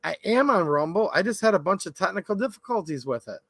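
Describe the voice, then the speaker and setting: A man's voice: high voice, expressive, fast talker, vocal fry, fairly bright tone, no echo. A man hosting a casual livestream, greeting viewers by name in a chatty, upbeat way and calling them man and dude. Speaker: livestream host.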